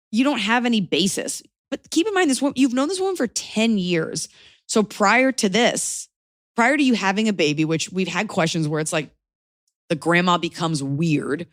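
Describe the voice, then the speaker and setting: Blunt woman podcast host, thirties, lowish voice, dry close mic. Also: dry recording. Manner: animated, blunt, acts out quoted voices. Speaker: podcast host giving advice. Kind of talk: casual advice chat.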